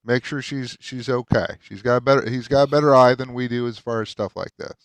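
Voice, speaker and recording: A man doing a calm army captain. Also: medium pitch, clean tone, no echo, natural voice. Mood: firm. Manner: halting, repeats words.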